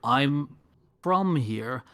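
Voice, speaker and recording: A man voicing a solemn male wanderer who speaks in formal, measured phrases. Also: medium pitch, lively intonation, a bit bright, no room sound, clean studio sound. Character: solemn male wanderer back from years in the wilds.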